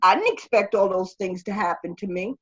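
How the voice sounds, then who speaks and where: Husky older woman on a muffled call. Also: mid-range voice, lively intonation, a little fast. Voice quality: husky, strained voice after throat surgery. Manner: rambling, with many restarts and fillers. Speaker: guest. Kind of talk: conversational interview.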